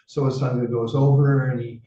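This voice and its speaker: A man's voice: mid-range voice, little pitch movement, brisk, warm tone. A male Buddhist teacher telling a dharma story in a casual, chatty way, full of "you know" asides. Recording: roomy, distant, dull sound.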